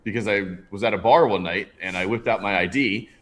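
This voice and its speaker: Low-voiced man telling lively anecdotes. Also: fairly quick. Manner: animated storyteller, acts out voices in anecdotes. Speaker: podcast co-host. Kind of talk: casual chat.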